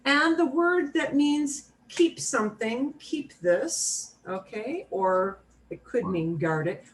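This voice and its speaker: An American woman teaching a beginners' Spanish class, slowly modeling each word for her students to repeat. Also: sits high, expressive. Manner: slow, clear modeling of words for repetition. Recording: room mic from a distance, faint noise.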